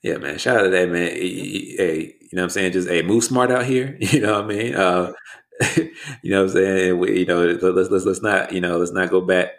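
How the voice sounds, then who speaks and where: Male co-host, very deep voice, easygoing rambling talk. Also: fairly even intonation, normal speed, vocal fry. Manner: laid-back, rambling, heavy fillers and restarts. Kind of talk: casual chat.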